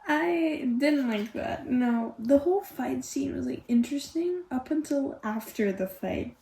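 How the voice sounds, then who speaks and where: A woman's voice: high voice, measured pace, creaky, echoey room, a little hiss or hum. A young woman, not a native English speaker, ranting casually about a book she is reading. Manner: exasperated, swearing, animated retelling. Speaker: book vlogger.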